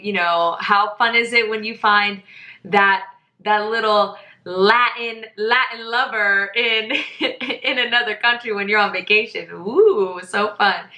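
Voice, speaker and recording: A woman hosting a podcast, telling a story in a chatty, animated way and laughing often. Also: medium pitch, reverberant. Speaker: podcast host. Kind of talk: casual storytelling monologue.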